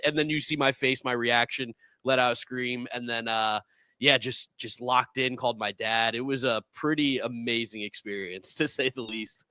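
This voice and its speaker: Emphatic young man, bright voice. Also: mid-range voice, a little fast, no echo. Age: 20s. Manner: excited storytelling, emphatic. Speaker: podcast guest. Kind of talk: casual interview answers.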